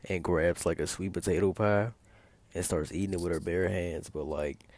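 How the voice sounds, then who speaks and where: A man's voice: low-pitched, fairly even intonation, normal speed, a little mellow, no echo. A man casually recapping a TV episode, rambling and packing his talk with filler words as he retells scenes. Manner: rambling, heavy use of filler like "like" and "or whatever"; retells scenes by quoting characters in his own plain voice. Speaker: video host recapping a TV episode.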